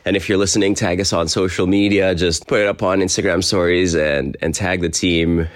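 A man's voice: low voice, fairly even intonation, a little fast. A man hosting a podcast, giving upbeat, hype-style introductions and chatting casually with his guest. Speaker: podcast host.

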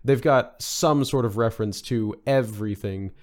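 A man's voice: mid-range voice, moderate pace. Man musing, lots of fillers. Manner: rambling, many fillers and restarts. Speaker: podcast guest. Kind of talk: casual podcast discussion.

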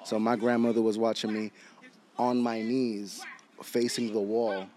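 A man guesting on a casual podcast, telling stories in an easygoing, low-key way. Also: flat delivery, a little slow, darkish tone, a little hiss or hum. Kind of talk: casual chat.

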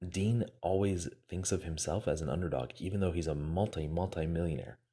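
A man's voice: low-pitched, a little fast, dark tone, husky. A man casually retelling a success story to motivate his listeners, acting out the quoted lines and using many fillers.

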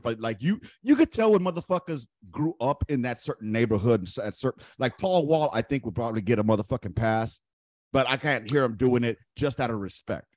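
A man's voice: medium pitch, dry recording, clean studio sound. Blunt, profane male podcast host. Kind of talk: casual chat.

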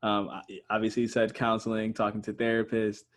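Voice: medium pitch, completely flat delivery, brisk. A podcast host summing up the guest's points and asking follow-up questions in a supportive, easygoing way. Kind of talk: casual podcast interview.

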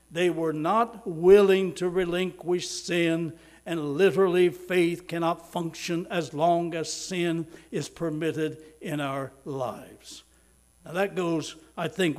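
Middle-aged preacher guy giving a sermon, somewhat high voice, leans hard on key words. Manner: preaching with emphatic slow stresses and sudden swells in loudness; leads congregation in prayer.

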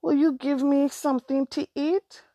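A woman's voice: steady tone, unhurried, warm tone, no room sound. A woman voicing a small hungry boy who begs for food in a storybook. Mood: pleading. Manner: pleading, high-pitched.

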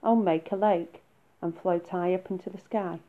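A woman's voice: fairly low pitch, fairly even intonation, moderate pace, lightly acted. Woman playing a tearful young elf girl. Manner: pleading, despairing. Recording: phone-like narrow sound.

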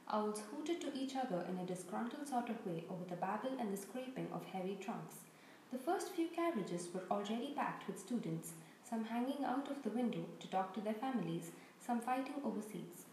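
Woman reading a storybook out loud, kinda high voice, super echoey room, bit of hiss. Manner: expressive, steady storytelling. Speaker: reader. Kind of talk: storybook read-aloud narration. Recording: very echoey room, faint noise.

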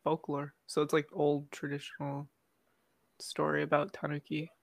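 A woman chatting casually with friends in a calm, matter-of-fact way. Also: deep voice, normal speed, vocal fry. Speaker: friend in group chat. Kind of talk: casual chat.

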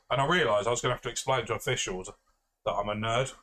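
A young man, animated and loose, laughing often as he spins a travel story. His pitch sits in the middle range, and he hams up every quoted line. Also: quick pace, slight background noise. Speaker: podcast co-host. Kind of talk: casual chat, storytelling.

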